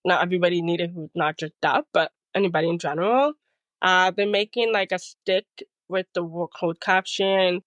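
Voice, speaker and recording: A woman's voice: lowish voice, steady tone, normal speed, fairly bright tone, no echo. A woman guest talking casually in an interview, telling stories animatedly and acting out the people she quotes, with many "like"s and "you know"s. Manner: says "like" and "you know" often. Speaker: guest, speaker and coach.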